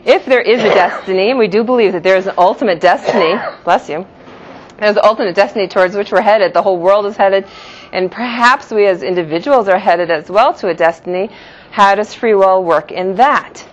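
Here a woman of medium pitch, talking a little fast, gives a classroom lecture on Jewish philosophy. She walks through terms patiently, pronouncing each in two ways, on a dull lo-fi recording.

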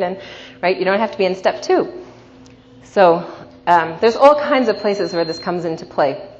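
A woman teaching a class as a coach, telling lively stories and often checking in with "right?". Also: mid-range voice, moderate pace. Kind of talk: storytelling lecture to an audience. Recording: dull recording in a reverberant hall, faint noise.

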